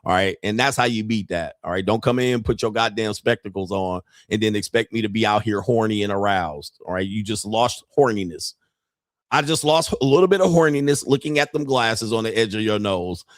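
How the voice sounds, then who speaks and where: A man's voice: fairly low pitch, a little fast, no echo, studio quality. A man hosting a show, delivering a crude comedic rant in a boastful, profane, mocking way. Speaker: show host.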